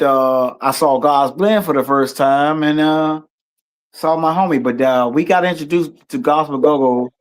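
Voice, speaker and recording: A middle-aged man with a Washington D.C. accent, telling stories as a guest in a casual, slang-heavy interview and acting out the voices he quotes. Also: medium pitch. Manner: animated, acts out quoted voices, loose slang-heavy talk. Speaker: guest musician.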